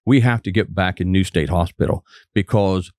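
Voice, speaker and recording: Older guy from west virginia telling stories on a podcast, low voice, acts out the quotes, dry sound. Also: moderate pace, a little mellow, no room sound. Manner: folksy anecdote teller, acts out quotes. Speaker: guest, former state trooper and physician. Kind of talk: casual storytelling interview.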